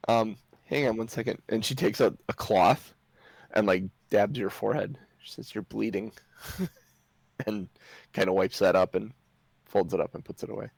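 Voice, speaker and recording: A man's voice: lowish voice, moderate pace, vocal fry, no room sound, rough recording. A man narrating as game master in a tabletop game, describing scenes and chuckling often.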